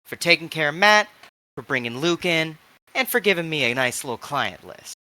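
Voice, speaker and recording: A man voicing a crude, gruff male fixer who haggles over deals in a tabletop game. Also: fairly high pitch, expressive, moderate pace, sharp tone, no echo, pitched above the performer's own voice. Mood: dealmaking.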